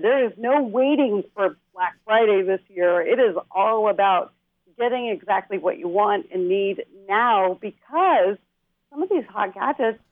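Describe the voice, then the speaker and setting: A woman's voice: medium pitch, no echo. An enthusiastic woman talks through gadgets as an expert guest on a TV segment. Her voice comes in thin and tinny over a phone line, dry with no room sound. She sounds bubbly and laughs easily. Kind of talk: TV segment interview, product rundown.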